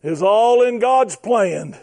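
A man preaching a fervent sermon, shouting and drawing out his emphatic phrases. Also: high-pitched, expressive, takes it slowly.

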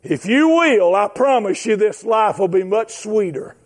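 A man preaches a fervent sermon. His voice sits very high for a man, and he shouts and stretches out his emphatic lines. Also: lively intonation, unhurried.

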